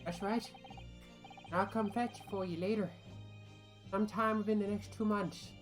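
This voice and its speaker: A woman voicing a scheming older male villain while reading game dialogue aloud, threatening and deliberate. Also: mid-range voice, fairly even intonation, soft background music, lightly acted. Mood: menacing.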